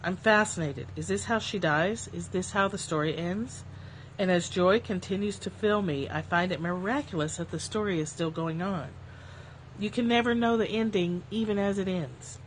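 Calm and unhurried, a woman with a low, steady voice reads spiritual writings aloud for her livestream, reflecting as she goes. Occasionally she slips into a lighthearted joke at her own expense; a soft, steady hum, like a phone recording, runs under it all.

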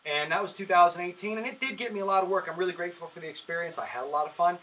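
A man's voice: high-pitched, rapid-fire, fairly bright tone, low-quality recording. A man, a comedian, chatting casually on a podcast and telling rambling stories full of fillers and restarts. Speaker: comedian guest.

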